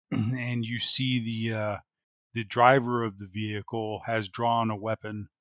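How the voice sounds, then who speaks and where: A man with a lowish, unhurried voice and little pitch movement runs a tabletop RPG session. His tone is a bit bright, there's no echo, and he narrates events and rules while filling gaps and restarting often.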